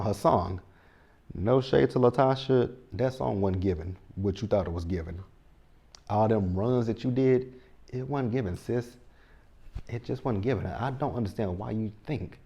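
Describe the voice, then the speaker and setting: A man's voice: lowish voice, dark tone, breathy edge, dull audio. A man in his thirties giving a blunt, sassy, casual recap of a reality TV episode, with lots of slang. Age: 30s.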